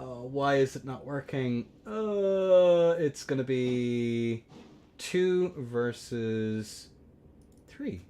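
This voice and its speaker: A young man hosting a game tournament stream, rambling and swearing between bursts of excited play-by-play commentary. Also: mid-range voice. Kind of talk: casual livestream game commentary.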